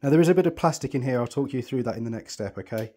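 Speaking at a racing pace, this man has a warm mid-range voice. He walks through telescope setup step by step in a hands-on tutorial, chatty and reassuring while frequently thinking out loud.

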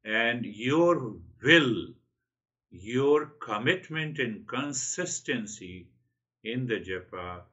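Earnest spiritual teacher, slow. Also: male voice, medium pitch, expressive, pushed and bright, lo-fi sound. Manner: earnest, repeats key phrases. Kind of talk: spiritual talk.

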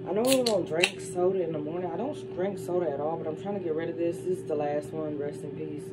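A woman's voice: low voice, fast talker, over loud music. A woman vlogging casually from her home kitchen, chatty and blunt, swearing freely and talking straight to her viewers. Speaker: lifestyle vlogger. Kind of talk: casual morning chat to viewers. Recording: home recording with noisy background.

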